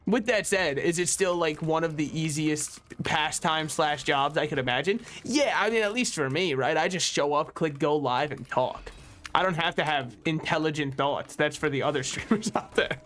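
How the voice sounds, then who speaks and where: A man's voice: a little high, moderate pace, fairly bright tone. A young man streaming a video game, chatting casually while he plays, cracking self-deprecating jokes and swearing freely. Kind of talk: casual gameplay commentary. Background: game music.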